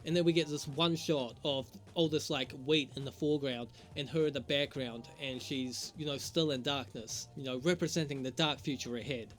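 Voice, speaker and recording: A man's voice: medium pitch, steady tone, normal speed, few pauses, soft background music. A young man doing a casual review vlog, talking in a profane, sarcastic, rambling way and laughing at his own jokes. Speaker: show reviewer.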